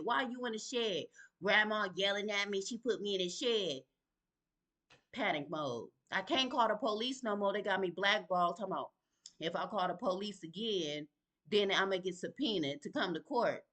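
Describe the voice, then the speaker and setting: Heated, confrontational woman venting. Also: medium pitch. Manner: heated, confrontational, speaks to absent people; Southern vernacular, sighs and breathes to calm down. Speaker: mother venting on a video. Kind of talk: emotional direct-to-camera vlog.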